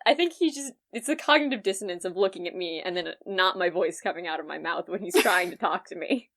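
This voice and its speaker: A fast-talking young woman with a lowish voice co-hosts a podcast, trading stories casually. Her storytelling is lively, and she laughs often.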